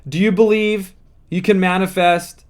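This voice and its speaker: Coach type, high male voice, earnest explainer who repeats the key points. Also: flat delivery, unhurried, darkish tone, clear, resonant tone. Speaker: manifesting coach. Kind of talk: motivational teaching monologue.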